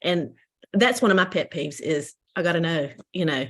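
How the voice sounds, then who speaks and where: A woman's voice: lowish voice, normal speed, fairly bright tone. Plainspoken woman sharing at a meeting. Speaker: meeting participant. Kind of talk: casual group sharing.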